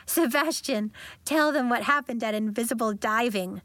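A woman's voice: a little high, normal speed, a bit bright, no room sound, natural voice. Marigold, a woman reading as a chatty schoolgirl. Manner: chatty, giggly storyteller. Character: chatty schoolgirl who makes things big.

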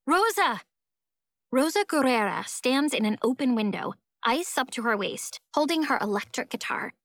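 A woman narrating a children's fantasy audiobook in the first person, lively and expressive. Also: on the high side, normal speed, no room sound, studio quality.

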